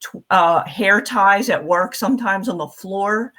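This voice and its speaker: Slow, earnest woman panelist. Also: medium pitch, sharp tone. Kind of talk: casual chat.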